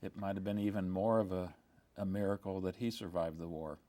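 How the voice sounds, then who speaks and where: A man's voice: low-pitched, fairly even intonation, brisk, dark tone. A man interviewing a veteran, asking brief prompting questions.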